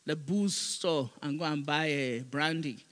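Slow, emphatic woman pastor preaching. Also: low-pitched. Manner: emphatic, prompts the congregation to repeat after her; reads scripture aloud, pausing for responses. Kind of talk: sermon with call-and-response.

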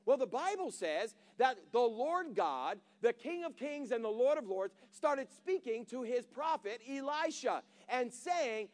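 A man preaching a sermon, retelling a Bible story in casual words and rising to shouted calls to the congregation. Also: extremely high pitch, very animated, unhurried, hardly any pauses.

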